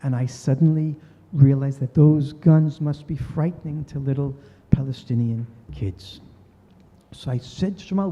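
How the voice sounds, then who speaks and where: A man's voice: medium pitch, a little slow, dark tone. An older man giving a talk, telling a story earnestly and voicing the people in it. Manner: earnest, voices quoted people. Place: synagogue hall. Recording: dull recording in a reverberant hall.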